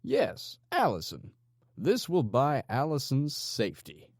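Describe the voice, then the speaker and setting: A man voicing a cold, menacing male gang leader who talks calmly and slowly. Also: mid-range voice, no room sound, clean studio sound, voice pushed up, full character voice. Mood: calm menace. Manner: calm, slow and coaxing.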